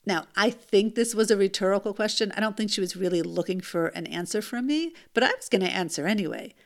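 Animated woman telling a personal story. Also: mid-range voice, fast talker, gravelly. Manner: animated, emphatic retelling with rhetorical asides. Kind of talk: first-person storytelling monologue.

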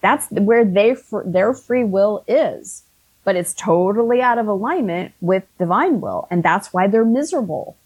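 A woman's voice: mid-range voice, lively intonation, a little slow, darkish tone, breathy edge. A woman in her fifties, an author and life coach, telling a personal story in an earnest, conversational way with frequent restarts.

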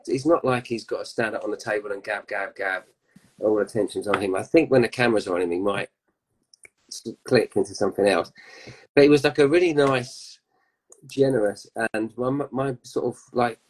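A man, a musician guest telling anecdotes in a relaxed, chatty way. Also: lowish voice, rough recording. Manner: chatty storyteller, laughs often. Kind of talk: casual chat.

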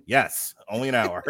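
A man's voice: mid-range voice, bright, forceful tone, no echo. A man hosting a casual chat show, joking and laughing often as he runs through the upcoming episodes. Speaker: podcast host.

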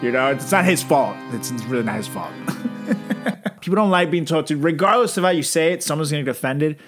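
A man's voice: a little high, lively intonation, brisk, soft background music. A young man co-hosting a podcast, joking and riffing crudely with a giggly laugh in casual chat. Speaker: podcast co-host.

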